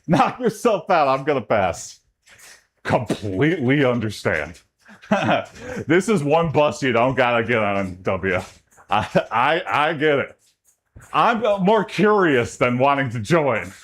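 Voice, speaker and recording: A man from Texas, chatting casually with his livestream chat during a workout. His talk rambles, and his voice jumps up in pitch when he gets excited. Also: takes it slowly. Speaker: streamer.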